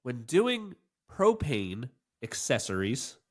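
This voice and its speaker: A man's voice: medium pitch, wildly swooping pitch, slow pace, a little mellow. A man co-hosting a podcast in casual chat, sounding nasal and congested from a cold, joking and quizzing his co-host. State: congested, sick voice.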